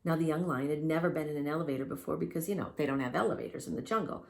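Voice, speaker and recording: A woman reading a children's story aloud with gentle, lively storytelling. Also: deep voice, rapid-fire, vocal fry.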